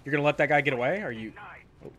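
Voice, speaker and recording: A man's voice: a little high, lively intonation, racing, a bit bright, lo-fi sound. Rambling man commenting on his gameplay. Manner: rambling, self-mocking, repeats himself. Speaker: gaming channel host. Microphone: desk microphone in a squeaky chair. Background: faint game gunfire.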